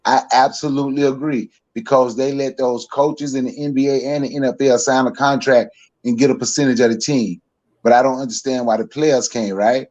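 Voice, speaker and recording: A man's voice: medium pitch, fairly even intonation, brisk, darkish tone, highs cut off. A Southern American man from Mississippi chats casually on a podcast, calling in by phone. He laughs easily and often, chuckling between his points. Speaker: guest.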